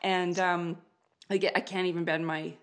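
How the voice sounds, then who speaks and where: A woman's voice: on the low side, little pitch movement, normal speed. A woman in her forties hosting a casual interview, upbeat and enthusiastic, laughing easily. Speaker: podcast host.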